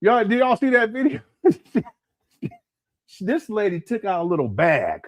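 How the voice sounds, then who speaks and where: A man's voice: high voice, huge pitch swings, measured pace, no echo, studio quality. A man hosting a livestream and chatting casually with viewers, rambling, giggling often and breaking into bits of song. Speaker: livestream host. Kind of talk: casual live-chat commentary.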